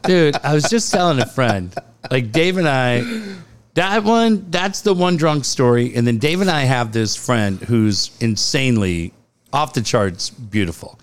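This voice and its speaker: A man's voice: mid-range voice, a little slow, clear, resonant tone. A man co-hosting a casual podcast, telling stories with lots of laughter and swearing. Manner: animated storytelling, laughs often, swears freely. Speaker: co-host.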